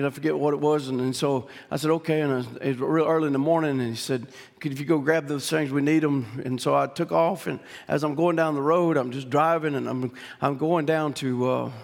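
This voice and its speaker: Homem pregador sulista, voz aguda, salão ecoante. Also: male voice, creaky, long reverb tail. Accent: Southern US. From Louisiana. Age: middle-aged. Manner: builds to shouted, high-pitched preaching climaxes, folksy with many restarts. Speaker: preacher. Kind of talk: sermon with storytelling.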